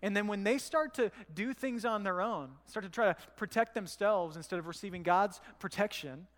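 High-voiced pastor in a reverberant church. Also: male voice, moderate pace, fairly bright tone. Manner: conversational, storytelling with acted quotes. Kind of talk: sermon.

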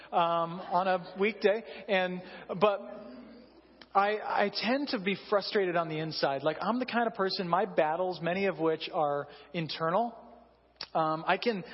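High-voiced man preaching in a hall. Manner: conversational, self-deprecating storytelling. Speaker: pastor. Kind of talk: sermon. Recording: dull reverberant hall sound.

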